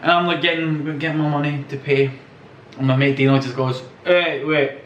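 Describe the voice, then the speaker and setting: A man's voice: fairly high pitch, steady tone, brisk, muffled recording, slight background noise. A young man telling travel stories in a rambling way, swearing and laughing as he goes. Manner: rambling, profane, laughing storyteller. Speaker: travel vlogger. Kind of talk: casual anecdote storytelling. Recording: roomy echo, distant from the mic.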